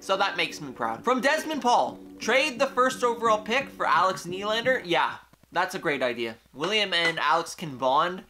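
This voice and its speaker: A young man hosting a casual question-and-answer vlog, energetic, playful and opinionated. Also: high-pitched, moderate pace, soft background music. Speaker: YouTube host.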